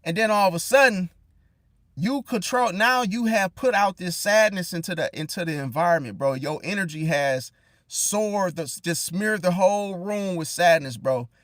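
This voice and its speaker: A man giving casual relationship advice straight to the listener, slangy, calling them bro and swinging between loud and hushed. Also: high-pitched, moderate pace, dry recording, studio quality. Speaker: zodiac relationship commentator. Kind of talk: casual direct-to-camera advice rant.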